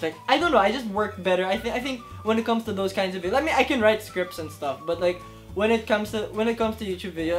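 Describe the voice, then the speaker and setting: This twenty-something YouTube creator fields questions in a relaxed vlog, talking straight into the camera ahead of him. His high-pitched delivery is eager and effusive, rising and falling in loudness with plenty of energy.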